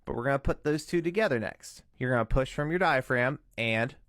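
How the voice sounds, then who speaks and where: A man's voice: mid-range voice, brisk, a bit bright, no room sound, clean studio sound. A man giving a casual step-by-step tutorial, earnest and cautious in how he explains. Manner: earnest, cautious, breaks into demo screams and whispers. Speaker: vocal tutorial maker.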